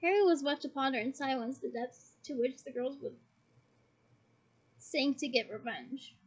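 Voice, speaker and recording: A woman's voice: sits high, normal speed, husky. A woman reading a novel aloud, breaking off for playful, giggly asides to her listeners. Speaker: audiobook reader. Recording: dull lo-fi recording.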